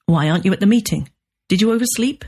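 A woman voicing a pushy male literary agent who sounds shrill, pleading and wound up. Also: expressive, quick pace, dark tone, breathy edge. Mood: agitated.

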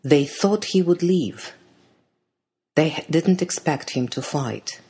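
A storyteller giving a measured, dramatic reading of a fairy tale. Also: medium pitch, animated, mellow, slightly rough. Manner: measured, dramatic read-aloud delivery.

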